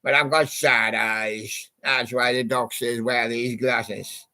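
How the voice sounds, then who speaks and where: In a slow, steady, sharp-toned voice of medium pitch, the channel host wanders through a casual monologue. He reminisces about old songs and chats with a toy badger.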